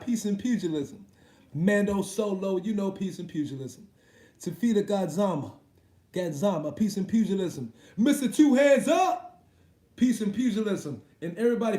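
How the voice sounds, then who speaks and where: Casual male live-stream host, high voice, loose and profane, echoey room. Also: dark tone. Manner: loose, profane, laughs often. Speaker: boxing livestream host.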